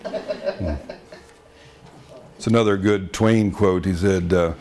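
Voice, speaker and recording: A man's voice: deep voice, slow pace, darkish tone. A man from Texas with a Texan accent, telling folksy anecdotes in a wry, good-humored way and chuckling often. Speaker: storyteller.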